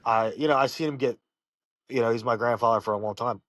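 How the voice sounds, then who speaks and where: A man, a professional fighter, telling personal stories in an interview, halting and full of fillers and restarts. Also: medium pitch, fairly bright tone, no echo. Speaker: professional fighter, podcast guest. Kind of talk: casual interview storytelling.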